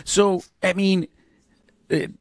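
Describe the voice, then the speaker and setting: A man's voice: high voice, little pitch movement, drawn-out words, no echo, clean studio sound. A man hosting an interview, reacting casually and searching for words as he asks his questions. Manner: reactive, casual, with frequent affirmations and restarts. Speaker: podcast host.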